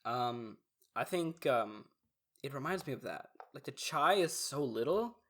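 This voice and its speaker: A man's voice: medium pitch, expressive, unhurried, a bit bright. A young man co-hosting a podcast, telling a story in a rambling, casual way with lots of fillers and restarts. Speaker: podcast co-host. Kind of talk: casual chat.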